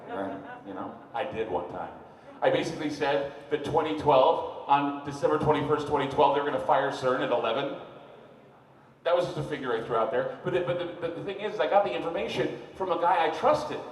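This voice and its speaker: Animated man talking in a roomy bar. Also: a little high, fairly quick. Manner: animated, rambling storyteller with mocking asides. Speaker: radio talk show host. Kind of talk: live talk to a bar audience. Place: sports bar, live event. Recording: roomy, far-off live room sound with faint noise.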